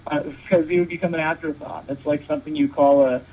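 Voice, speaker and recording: A man's voice: a little high, fairly even intonation, quick pace. Joking man with dull lo-fi sound. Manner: joking, rambling with many restarts. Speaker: wrestling referee guest. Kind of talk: casual podcast interview. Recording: dull lo-fi sound with faint noise.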